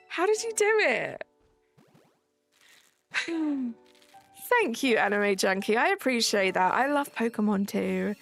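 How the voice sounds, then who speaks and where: A woman's voice: a little high, animated, slow pace, pauses often, a bit bright. A young woman live streaming at home on a desk mic, chatting casually, reading chat aloud and joking back. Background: faint game music.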